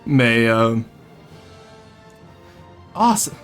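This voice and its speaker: A man's voice: medium pitch, very animated, very slow, a bit bright, faint music behind. A young man from Ontario, chatting casually on a live stream, reading chat and switching between English and French with frequent laughs. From Ontario, Canada.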